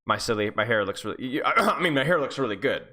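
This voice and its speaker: A young man coaching a student through a video game replay in a playful, teasing way. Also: fast talker. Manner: animated, teasing, jumps between high and low.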